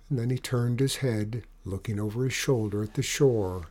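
A man narrating a storybook in an expressive, dramatic reading. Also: medium pitch, normal speed, hardly any pauses.

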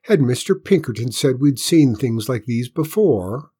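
A man narrating a children's story in a lively, expressive reading voice. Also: mid-range voice, unhurried, slightly rough.

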